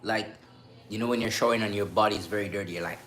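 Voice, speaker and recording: Deep voiced cruise crew guy telling a story, acts out the sounds, echoey room, a bit of noise behind. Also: quick pace, fairly bright tone. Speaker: cruise ship crew member vlogger. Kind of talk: casual storytelling to camera.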